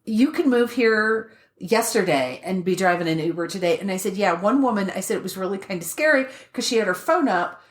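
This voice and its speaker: A woman's voice: medium pitch, fairly quick, hardly any pauses, roomy sound. A woman co-hosting a podcast, telling stories in casual chat and swearing freely. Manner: animated storyteller, swears freely. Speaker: podcast co-host.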